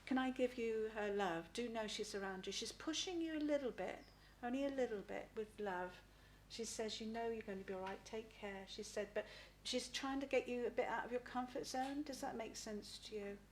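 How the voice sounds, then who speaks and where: A middle-aged woman giving a live spirit reading as a psychic medium. She talks haltingly, repeats words and often asks "please?". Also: on the high side, a little hiss or hum.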